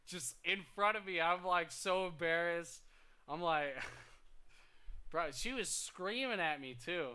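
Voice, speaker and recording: A young man co-hosting a podcast, telling work stories in casual chat, getting loud and animated when he quotes people. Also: sits high, slow pace. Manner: animated, rises loud when quoting people, stammers restarts. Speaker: podcast co-host.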